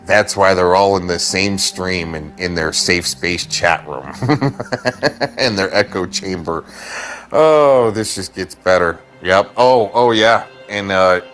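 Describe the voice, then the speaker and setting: A man's voice: low-pitched, a bit bright, faint music behind. A man mocking his targets sarcastically on a livestream, drawing out his words. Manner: sarcastic, drawn-out, chuckling.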